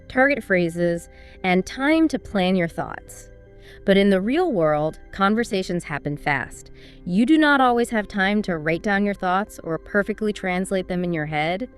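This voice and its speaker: A woman with a smooth, polished voice co-hosts a scripted English lesson. She explains things in an upbeat, teacherly way over faint background music. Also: mid-range voice. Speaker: co-host of an English speaking course.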